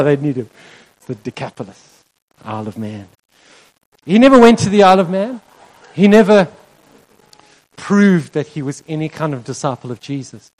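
Male pastor, fairly high voice, conversational sermon delivery with frequent laughs. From South Africa. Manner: earnest, conversational, laughs often, voice rises when stressing a point. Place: church hall.

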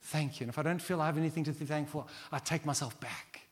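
A middle-aged man preaching a sermon as pastor, animated and acting out quoted prayers. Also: a little high, fast. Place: large church hall. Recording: long hall reverb.

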